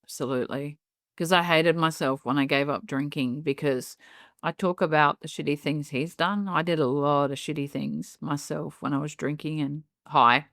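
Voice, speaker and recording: A woman's voice: deep voice, steady tone, normal speed, fairly bright tone, no room sound, clean studio sound. Middle-aged woman, candid and reflective. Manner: reflective and open, with frequent "um" and "you know". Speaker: guest. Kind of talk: candid personal storytelling in a podcast interview.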